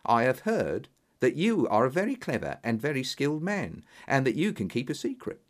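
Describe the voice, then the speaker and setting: A man's voice: mid-range voice, huge pitch swings, moderate pace. A man voicing a thin, secretive male colonel with a slight German accent, asking insistent, probing questions. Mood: guarded.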